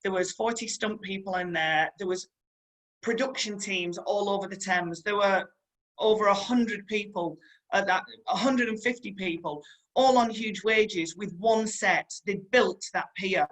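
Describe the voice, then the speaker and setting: A woman's voice: medium pitch, a little slow, low-quality recording. Woman, Yorkshire accent, middle-aged, motivational storytelling talk, chatty, earnest, repeats advice, speaks to the audience. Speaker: stunt performer and guest speaker.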